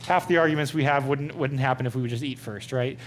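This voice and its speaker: A young man teaching a Bible study to a group in a conversational, animated way, often asking them questions. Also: medium pitch, quick pace, slight background noise.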